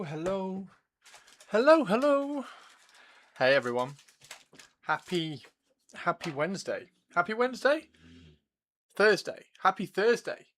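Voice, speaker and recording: Male streamer, bright voice, rambling and giggly, chatting to viewers while he works on models. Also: high voice. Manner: chatty, repeats himself, laughs often. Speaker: livestream host. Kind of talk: casual chat while building models.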